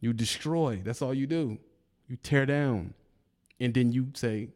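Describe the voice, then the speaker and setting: A man delivers a heated rant aimed at a rival creator, his voice sitting in an ordinary middle pitch. He taunts and needles throughout, breaking into mocking laughter as he tears the other man down. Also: unhurried, a little mellow. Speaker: YouTuber.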